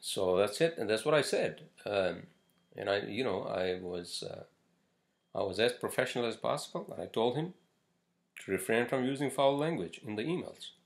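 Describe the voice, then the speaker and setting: Podcast host, male, low gravelly voice, blunt and profane, rambling delivery. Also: animated, moderate pace. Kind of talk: casual solo podcast rant.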